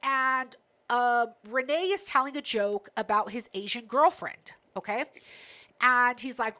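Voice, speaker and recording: A woman co-hosting a podcast, telling a story in a casual, animated rant full of swearing. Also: high voice, measured pace. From United States. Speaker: podcast co-host. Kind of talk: casual chat.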